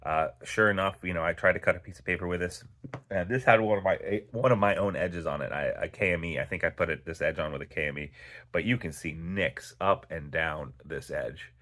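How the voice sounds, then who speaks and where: A man's voice: low-pitched, brisk, a bit bright. A man hosting a knife channel, chatting casually and rambling through a story while he cleans a knife. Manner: rambling and conversational, with many fillers.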